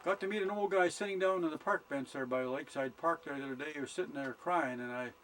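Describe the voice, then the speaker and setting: Filmed on a camcorder held by his wife at a summer campsite, an older man from Canada rambles through folksy jokes, unhurried and peppered with "uh." His slightly high voice comes through a low-quality recording with music playing in the background.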